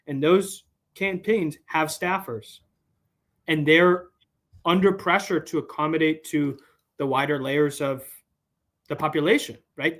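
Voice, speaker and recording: A young man from Boston, a podcast guest talking casually, earnest and halting with many "uh"s. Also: on the high side, fairly bright tone.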